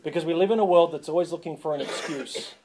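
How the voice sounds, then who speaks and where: Man, pastor, sermon, fairly high voice, joking, lively, calls for responses. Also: quick pace.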